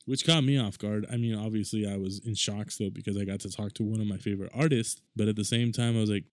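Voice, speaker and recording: A man's voice: fairly low pitch, steady tone, fast talker, no echo, studio quality. A young man in his twenties hosting a casual solo podcast, talking in a rambling, conversational way with lots of fillers. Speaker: podcast host.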